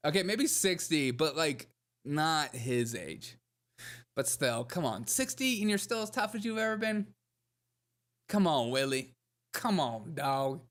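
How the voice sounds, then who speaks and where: A man's voice: a little high, sing-song, measured pace, fairly bright tone. A young man hosting a commentary show, reacting to clips in a mocking way, laughing often and talking to his chat.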